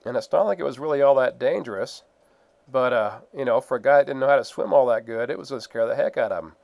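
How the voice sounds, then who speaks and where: A man's voice: medium pitch, fast, creaky, darkish tone, dry recording. A man casually narrating his own gold prospecting photos, rambling with fillers and laughs. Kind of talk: casual storytelling.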